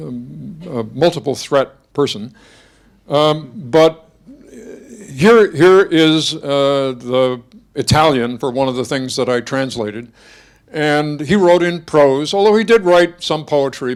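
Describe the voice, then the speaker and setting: An older man giving a reflective masterclass talk, thoughtful and halting, with frequent restarts and fillers as he searches for words. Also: mid-range voice. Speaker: guest speaker giving a masterclass. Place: lecture hall before an audience.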